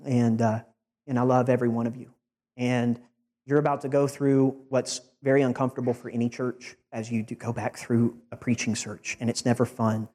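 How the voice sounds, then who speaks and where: A man delivers a heartfelt farewell sermon as his church's departing preacher. His declarations climb in pitch and grow emphatic. His voice trails a long reverb through the hall. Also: little pitch movement, normal speed, dark tone.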